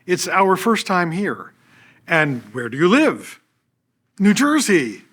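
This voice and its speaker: Older man telling stories, lively pitch. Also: slow pace, breathy edge. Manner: animated, acts out quoted voices. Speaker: orchestra artistic director telling stories. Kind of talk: scripted storytelling narration.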